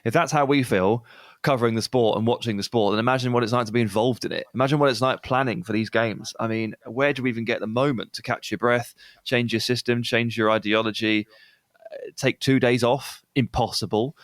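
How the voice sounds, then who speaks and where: A man co-hosting a casual sports podcast, relaxed and reflective in tone. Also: medium pitch, brisk, no room sound. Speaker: podcast co-host.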